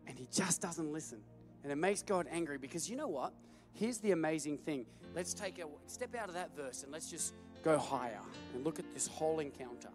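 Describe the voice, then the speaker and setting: A man preaches an animated, jokey sermon and keeps calling for amens. His voice sits high for a man, with faint music underneath. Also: moderate pace. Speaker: pastor.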